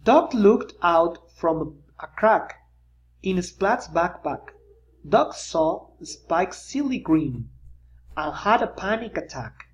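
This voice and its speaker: A reader reads a children's picture book aloud in a slow, animated way, stopping for little pointing asides. The sound is dull and lo-fi. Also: medium pitch. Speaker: storybook reader.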